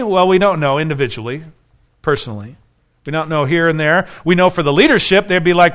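A man's voice: on the high side, brisk, fairly bright tone. A man preaching an expository sermon as pastor, emphatic and full of rhetorical questions.

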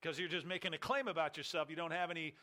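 A man's voice: fairly high pitch, steady tone, fast talker, pushed and bright. A man preaching an expository sermon in church, teaching with emphasis and repeating key words for weight. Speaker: pastor.

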